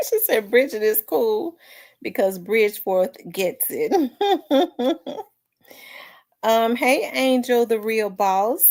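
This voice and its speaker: Slow-talking chatty woman livestream host. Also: on the high side, a little mellow. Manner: chatty, greets viewers by name. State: out of breath. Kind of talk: casual livestream chat.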